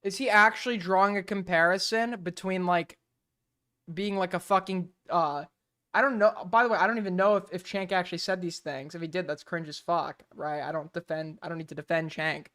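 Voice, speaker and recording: A man's voice: high-pitched, steady tone, fairly quick, sharp tone, smooth. A male streamer giving blunt, profane live commentary as he reacts to a clip.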